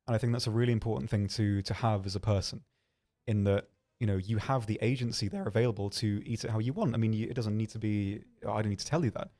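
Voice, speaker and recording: A man hosting a livestream, answering viewer questions in a hesitant, rambling way with dry, deadpan humor. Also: lowish voice, fast talker. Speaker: livestream host.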